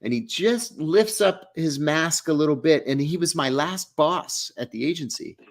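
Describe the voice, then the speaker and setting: A man's voice: on the high side, animated, moderate pace. Man telling a tense first-person story. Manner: vivid first-person storytelling, acting out dialogue. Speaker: guest. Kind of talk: storytelling in an interview.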